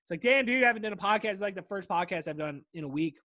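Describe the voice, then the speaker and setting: A man's voice: sits high, animated, racing, pushed and bright, no echo. A man hosting a podcast in loose casual chat, rambling and swearing often, with a tired voice. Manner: rambling, swears often, says "dude" constantly. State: voice wearing out. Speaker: podcast host.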